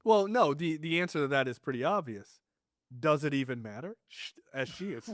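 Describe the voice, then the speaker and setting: A man with a fairly high, bright voice co-hosts a podcast, speaking animatedly at normal speed about a film. The casual review is full of jokes and cursing, and he rambles with many restarts. The sound is clean studio audio with no room noise.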